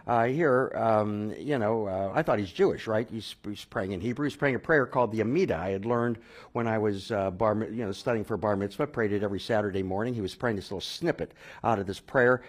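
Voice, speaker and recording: A man telling his personal conversion story, halting with fillers and restarts, then growing animated and laughing at the funny parts. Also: lowish voice. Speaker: speaker sharing a personal conversion testimony.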